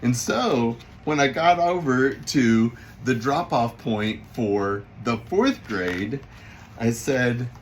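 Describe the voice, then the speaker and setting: A man, a children's picture book author, telling a story about his own family in a casual, animated way and laughing often. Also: medium pitch, takes it slowly, a little hiss or hum.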